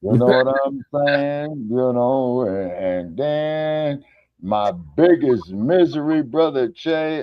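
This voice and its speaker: A man's voice: medium pitch, expressive, slow, dry recording. Folksy swearing man on a dull dry line. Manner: folksy storyteller, swears freely, acts out dialogue. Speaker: co-host. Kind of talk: casual chat on an online talk show.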